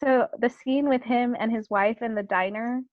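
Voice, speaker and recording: A woman co-hosting a casual film review chat, rambling and leaning on filler words as she recalls scenes. Her voice is a touch high. The audio is dry and muffled, like a lo-fi call. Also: fairly even intonation, normal speed, dry recording. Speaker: podcast co-host.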